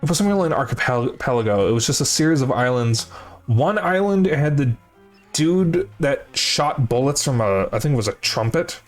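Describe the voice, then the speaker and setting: A man's voice: mid-range voice, expressive, normal speed. A young man streaming, chatting casually to his viewers, rambling and correcting himself as he goes, with the odd curse. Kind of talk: casual chat to a live chat. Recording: faint music behind voice.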